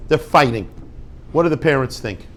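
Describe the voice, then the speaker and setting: A man giving an informal Torah talk to a group, lively and conversational, acting out little dialogues and dropping Hebrew and Yiddish words. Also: medium pitch, moderate pace. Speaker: rabbi teaching a class.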